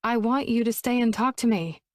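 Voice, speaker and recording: A woman's voice: on the high side, moderate pace, darkish tone, no room sound, clean studio sound, pitched above the performer's own voice, lightly acted. A woman voicing an emotional young woman who pleads earnestly with her lover, her voice rising. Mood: pleading.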